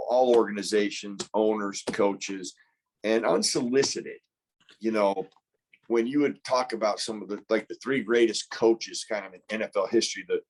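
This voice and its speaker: A man's voice: fairly low pitch, a little mellow. A man in his fifties, a former pro football player, telling an earnest, reflective story as a podcast guest, often restarting his sentences.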